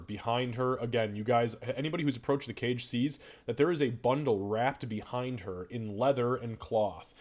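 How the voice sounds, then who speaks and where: A man's voice: medium pitch, a little mellow. A man in a mid-range voice runs a tabletop game session as game master. He narrates scenes casually, with fillers and loose, conversational phrasing.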